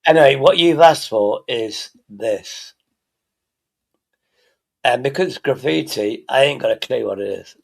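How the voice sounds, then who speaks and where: A man talks to his stream in a mid-pitched voice with a gravelly fry. He mutters and thinks aloud as he works, swearing freely and casually. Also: animated, a little slow, long pauses. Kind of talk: casual live-stream chat.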